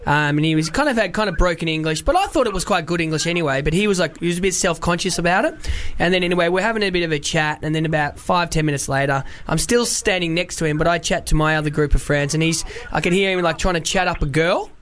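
A man's voice: on the high side, fast, few pauses, fairly bright tone. A male radio host telling a rambling anecdote with many fillers and laughs. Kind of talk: casual radio chat and anecdote.

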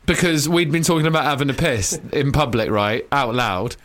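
A man co-hosting a radio show, bantering casually and teasing his co-host. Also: medium pitch. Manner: teasing, animated, quick to laugh.

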